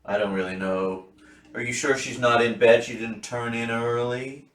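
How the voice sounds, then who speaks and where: A man voicing a pompous older nobleman who stretches his vowels long and slow. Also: mid-range voice, steady tone, a bit bright, close to an everyday voice. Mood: drawling genial. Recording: roomy, distant mic.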